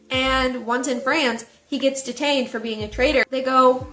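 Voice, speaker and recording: Woman book reviewer, bright, fairly high voice, chatty and animated, echoey room. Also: normal speed, few pauses, soft background music. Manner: chatty, animated, lots of filler "like". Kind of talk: casual book review chat.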